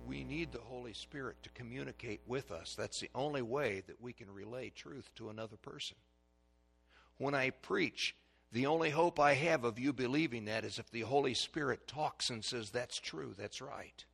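A middle-aged man, a pastor, preaching a sermon with dynamic swings from hushed to loud and emphatic. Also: mid-range voice, normal speed, gravelly, slightly rough. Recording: long reverb of a large hall.

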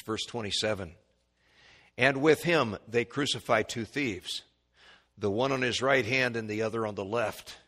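Man, preacher, expository sermon, bright forceful tone, surges high and loud on quotes. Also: in a large hall. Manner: rises sharply in pitch and volume when quoting mockers; reads scripture in King James wording with commentary.

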